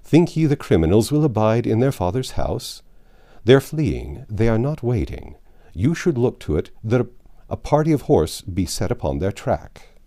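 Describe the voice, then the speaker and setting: A man's voice: fairly low pitch, sing-song, moderate pace, mellow. A man reading as an impatient medieval king. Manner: commanding, archaic speech.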